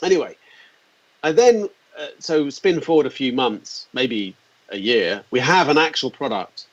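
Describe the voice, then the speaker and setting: A man in his forties telling animated anecdotes as an interview guest, acting out the quotes. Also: mid-range voice, unhurried. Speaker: guest, company founder. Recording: dull lo-fi sound.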